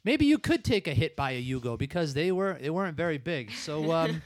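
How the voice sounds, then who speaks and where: Guy on a podcast recapping a movie, kinda high voice, dry close sound, does little impressions. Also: no room sound. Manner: animated retelling with quick impressions. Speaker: podcast host. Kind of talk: casual chat.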